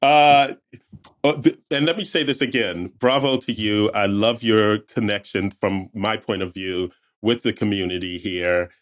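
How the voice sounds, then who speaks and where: A man's voice: on the low side, a little slow. A man hosting a podcast interview, chatty and enthusiastic, laughing often and throwing in asides. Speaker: podcast host.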